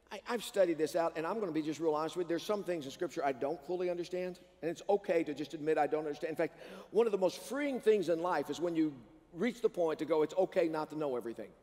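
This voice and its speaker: High-voiced pastor preaching in a reverberant hall. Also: male voice. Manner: animated preaching with call-and-response prompts to the congregation. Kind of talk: sermon. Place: large church sanctuary. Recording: long reverb of a church hall.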